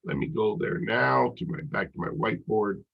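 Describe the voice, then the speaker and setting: A man's voice: on the low side, moderate pace, creaky, slightly rough, muffled recording. A man teaching a recorded college psychology lecture, talking conversationally with frequent ums and restarts.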